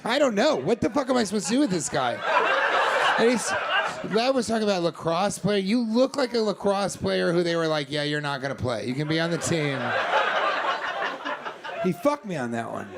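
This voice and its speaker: Animated male stand-up comic in a club. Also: a little high, creaky, very noisy. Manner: profane, mock-angry riffing at an audience member. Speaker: stand-up comedian. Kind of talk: stand-up set with crowd work. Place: small comedy club. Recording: live club recording with loud crowd laughter. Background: loud audience laughter.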